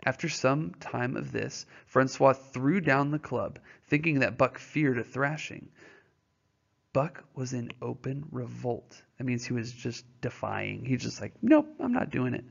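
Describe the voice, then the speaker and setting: A man's voice: mid-range voice, measured pace, creaky. A male teacher reading a novel aloud and explaining it to students in a patient, informal way, often checking their understanding with questions. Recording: dull lo-fi recording.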